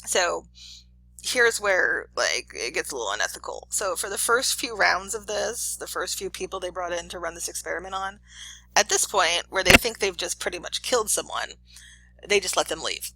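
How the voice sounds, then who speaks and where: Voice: mid-range voice, lively intonation, normal speed, pushed and bright, slight background noise, low-quality recording. A professor giving a casual classroom lecture, chatty and full of fillers and acted quotes.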